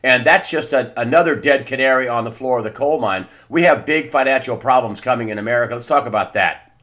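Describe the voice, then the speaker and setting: A man hosting an interview, talking in a halting way with many restarts and confirming questions. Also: medium pitch, a bit bright. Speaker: interview host.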